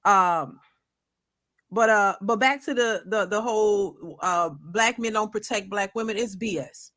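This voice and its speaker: A woman's voice: medium pitch, a little slow, fairly bright tone. A middle-aged woman who has been married over twenty years gives relationship advice on a talk panel. She is earnest and a little preachy, and she often repeats herself. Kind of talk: casual opinion talk.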